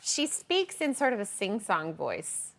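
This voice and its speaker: A woman's voice: mid-range voice, huge pitch swings, measured pace, vocal fry, a bit bright. Chatty woman hosting a cooking show. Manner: chatty, playful, talks to off-camera crew. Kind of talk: casual cooking demonstration. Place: home kitchen. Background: background music, sizzling pan.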